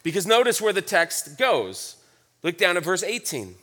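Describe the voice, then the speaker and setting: A man's voice: sits high, sing-song, moderate pace, a bit bright. A male pastor preaching a sermon in an earnest, reflective way, often repeating words.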